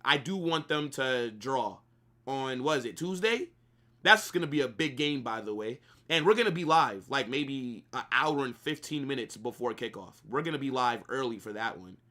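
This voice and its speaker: A young man, co-hosting a live football watch-along, opinionated and animated, swearing casually and dropping slang. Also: mid-range voice.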